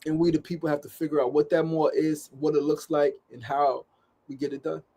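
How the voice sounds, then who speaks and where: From a studio, a man hosts his daily live show, pleading urgently with viewers, swearing often and repeating phrases for emphasis in an impassioned monologue. His voice is a little high, husky and dark in tone, level in pitch, and fairly quick.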